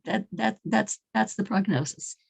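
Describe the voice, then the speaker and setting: A woman telling a faith story in an informal talk, earnest and halting, often repeating words as she goes. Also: mid-range voice, vocal fry, breathy edge, rough recording. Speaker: religious storyteller.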